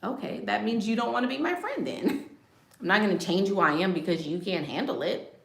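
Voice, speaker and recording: A woman's voice: mid-range voice, fairly quick, gravelly, fairly bright tone, reverberant. A woman hosting a casual livestream, giving blunt advice in a sassy, joking way and laughing often.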